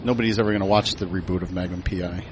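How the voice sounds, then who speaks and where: A man with a lowish voice recaps scenes in a dry, wry way while co-hosting a podcast. He trades casual jokes with friends. A faint hiss sits under the recording. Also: steady tone, rapid-fire. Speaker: podcast co-host. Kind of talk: casual banter among friends.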